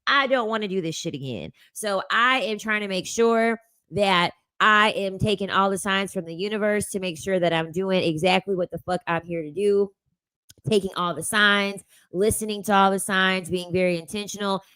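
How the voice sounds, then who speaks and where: A woman's voice: mid-range voice, normal speed, fairly bright tone, clear, resonant tone. A young woman hosting a casual livestream, reading chat aloud and answering in a blunt, profane way, laughing often.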